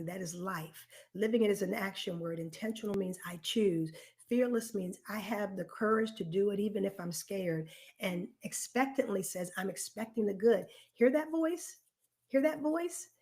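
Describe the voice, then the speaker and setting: A woman's voice: mid-range voice, darkish tone. A woman hosting a live online self-reflection workshop, talking straight to her participants in an earnest, encouraging way and stressing key phrases. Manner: emphatic, repeats key phrases. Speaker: workshop host.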